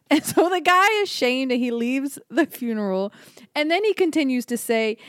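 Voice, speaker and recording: A woman's voice: high voice, moderate pace, smooth, dry recording, studio quality. A young adult woman co-hosting a podcast, telling stories in casual chat and acting out the quoted lines. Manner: animated storyteller, acts out quotes. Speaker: podcast co-host.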